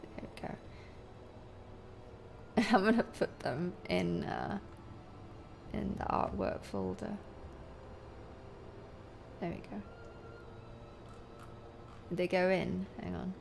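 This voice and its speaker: A woman's voice: fairly low pitch, steady tone, slow pace, creaky, long pauses, darkish tone, a little hiss or hum. A woman game streamer rambling casually to her viewers, swearing freely. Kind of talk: casual live-stream chat.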